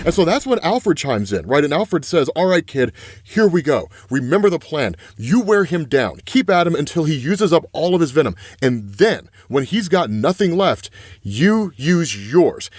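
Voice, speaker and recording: A young man with a fairly high, bouncy voice that swings widely in pitch, recapping a comic story with open excitement and a habit of tossing in "right?". The sound is dry and close, with no room around it. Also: dry recording. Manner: excitable, keeps saying "right?".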